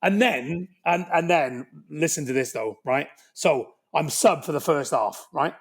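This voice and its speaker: A man in his fifties with a Cardiff Welsh accent, telling anecdotes with lively energy. His voice sits fairly high for a man, and he keeps checking in with his listener as he goes. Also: unhurried, creaky. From Wales. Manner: animated, lively anecdote-telling with frequent "right?". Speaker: guest. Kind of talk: podcast interview storytelling.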